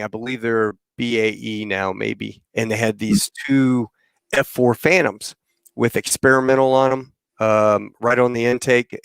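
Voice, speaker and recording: A middle-aged man hosting a casual chat, telling an old flying story in an animated way and acting out the voices of the people in it. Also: on the low side, creaky, clear, resonant tone, dry recording. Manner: animated storyteller who acts out quoted voices. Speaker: podcast host, former KC-130 pilot.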